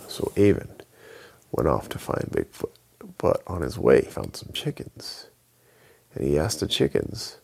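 A deep-voiced man telling a bedtime story, his voice gravelly and husky. He takes his time, and his pitch swings widely as he tells it. The delivery is plain storybook narration. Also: huge pitch swings, a little slow, long pauses, darkish tone.

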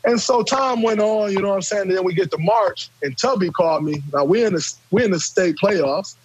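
A man from Michigan, a guest on a podcast, telling a story in an animated, profane way and acting out the quotes. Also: sits high, brisk, highs cut off, slight background noise. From Michigan, USA. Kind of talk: casual podcast chat.

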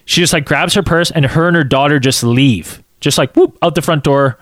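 Guy telling a story all animated, acting out the quotes, kinda high voice, dry mic. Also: fairly quick, few pauses, no room sound. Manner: animated, acts out quotes, says "like" a lot. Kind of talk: casual anecdote telling.

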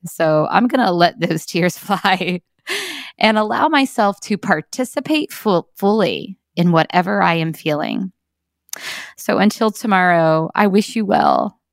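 A woman in her forties hosting a daily encouragement talk, speaking gently and earnestly, with easy laughs. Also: on the low side, dry recording, clean studio sound. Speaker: podcast host.

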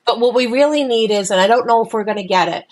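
A woman co-hosting a podcast, chatting casually about politics with many fillers and restarts and an animated delivery. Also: fairly high pitch, quick pace. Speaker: podcast co-host.

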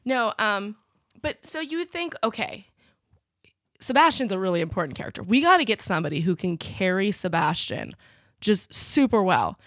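A woman's voice: medium pitch, big pitch swings, normal speed, fairly bright tone, no echo, studio quality. Wry woman co-hosting a podcast. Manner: explanatory, wry, critical. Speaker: podcast co-host. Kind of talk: casual chat about a musical.

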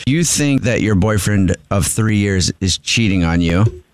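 A man's voice: fairly low pitch, expressive, a little slow, slight background noise. A man hosting a radio show, pranking a caller as an indignant, oblivious parent. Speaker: radio host. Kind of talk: radio prank call and call-in chat.

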